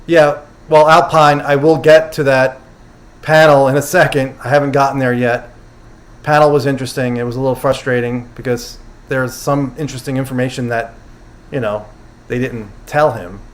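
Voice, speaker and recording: A man's voice: mid-range voice, fairly even intonation, normal speed. A man hosting a casual livestream, recapping a conference and taking questions from his audience. He loosely paraphrases what speakers said and often corrects himself. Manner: chatty, quotes speakers loosely, self-correcting. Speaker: host summarizing a conference.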